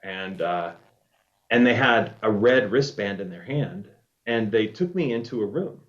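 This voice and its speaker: A man, a former reality show contestant, casually telling a story in an animated way and acting out what people said. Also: lowish voice, measured pace. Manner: animated storyteller, acts out quoted lines. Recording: dull lo-fi audio.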